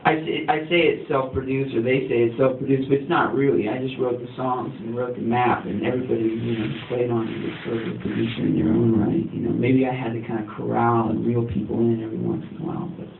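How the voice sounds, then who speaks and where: Casting: a laid-back male musician, gravelly voice, heard thin and far off in an echoey room. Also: medium pitch, steady tone, fast, hardly any pauses. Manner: rambling, laid-back, many fillers. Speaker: musician guest. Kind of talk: casual interview chat. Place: recording studio. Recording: tinny, echoey, distant, faint hiss.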